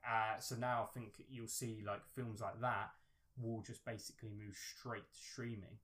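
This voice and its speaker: A man's voice: lowish voice, level tone, a little slow, fairly bright tone. A man hosting a casual film podcast, chatty and loose, often restarting his sentences. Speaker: podcast host. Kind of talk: casual chat.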